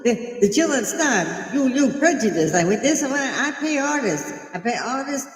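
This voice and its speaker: A woman putting on a high, mocking whine as an indignant adult defending a flashy car, in a roomy echo with long reverb. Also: sing-song, moderate pace.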